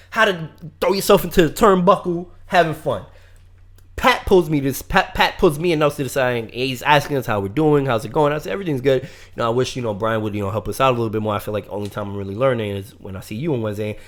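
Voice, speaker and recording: A young man spins a long, cursing story in casual podcast chat. His delivery is highly animated, with his pitch leaping around. He drops to low mutters and then bursts out loud. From Brooklyn, New York. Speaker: podcast co-host telling a story.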